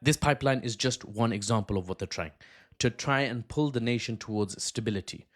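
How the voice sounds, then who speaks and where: Quick, joking man commenting on news. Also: medium pitch. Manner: quick, digressive, joking asides. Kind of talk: casual political commentary video.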